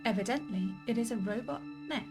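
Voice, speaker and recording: A woman's voice: on the high side, a little fast, music in the background, lightly acted. A woman voicing a formal, matter-of-fact robot servant who speaks to his mistress.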